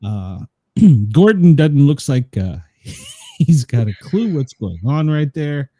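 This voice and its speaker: Chuckling rambling man with a mellow voice. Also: on the high side, sing-song, takes it slowly, no room sound. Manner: rambling, chuckling, many fillers. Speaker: co-host of a daily news show; former emergency responder. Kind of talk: casual news chat.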